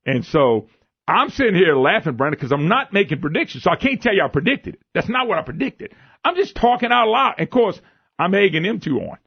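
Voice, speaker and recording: A man's voice: high voice, fairly quick, vocal fry, husky, no room sound. A man hosting a radio talk show, telling a story with lots of laughter and retold quotes. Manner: animated storytelling, laughing, retelling his own quotes. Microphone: studio microphone. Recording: muffled radio broadcast audio.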